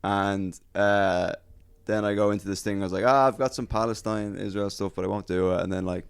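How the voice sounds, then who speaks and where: Guy on a podcast, deep gravelly voice, swears a lot, acts out the voices in his story. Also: fairly even intonation, brisk, no room sound. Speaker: comedian telling a stand-up story. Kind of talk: casual podcast chat.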